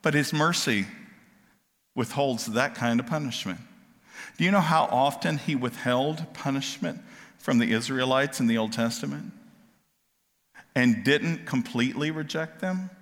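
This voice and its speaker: A man preaching a sermon, dropping to quiet asides and rising to loud, impassioned questions. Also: medium pitch, unhurried, long pauses, big-room sound. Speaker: pastor.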